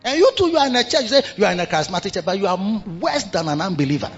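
A man preaching a sermon. He repeats himself and swings between low murmurs and loud bursts of emphasis. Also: very animated, very fast, highs cut off, soft background music.

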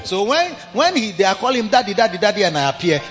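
Male pastor, high voice, emphatic sermon with rhetorical questions, church reverb. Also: sing-song, fast, a bit bright. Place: church service. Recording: dull long church reverb with music.

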